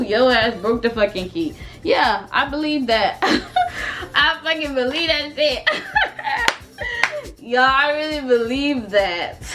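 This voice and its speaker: A young woman in her twenties tells a casual storytime straight to her audience. She talks in an animated, profane way and laughs often, with faint music underneath. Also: medium pitch. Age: 20s. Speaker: vlogger.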